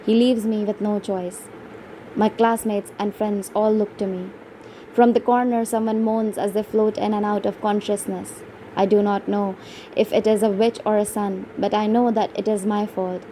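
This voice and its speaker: A woman narrating an audiobook in a measured, somber first-person reading. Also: mid-range voice, little pitch movement, mellow, slight background noise, low-quality recording.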